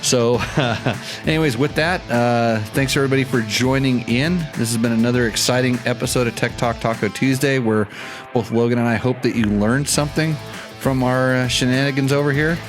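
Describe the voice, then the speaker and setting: A man's voice: medium pitch, steady tone, brisk, over music. A man hosting a casual tech chat show, rambling and joking as he thinks aloud with lots of fillers. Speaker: show host.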